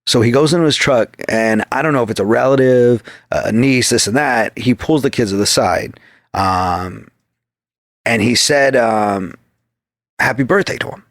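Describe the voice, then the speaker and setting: Gravelly, foul-mouthed man telling stories. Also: medium pitch, moderate pace, no echo, clean studio sound. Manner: swears constantly, acts out quoted exchanges. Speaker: podcast guest. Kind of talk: profane casual storytelling.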